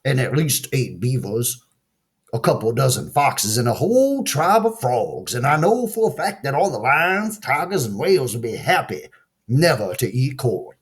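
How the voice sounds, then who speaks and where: A man's voice: medium pitch, very animated, moderate pace, breathy edge, pitched above the performer's own voice. A man voicing an earnest, polite little male frog who believes he is a prince.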